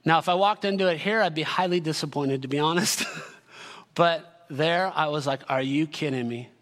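A man in his forties, a pastor preaching a sermon with energetic, emphatic delivery that builds into shouted lists. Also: on the high side, moderate pace, in a large hall.

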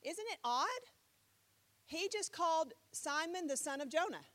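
A woman preaching with a high, lively voice that swoops up and down. She takes her time and plays with the crowd, repeating phrases over and over to drive a point home. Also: unhurried. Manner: playful, repeats phrases for emphasis. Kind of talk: sermon teaching.

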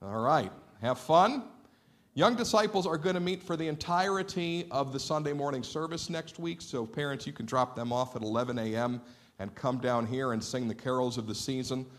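A middle-aged man preaching a sermon in a church sanctuary, a lively and playful storyteller who acts out the dialogue in his anecdotes. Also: medium pitch, normal speed. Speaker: pastor.

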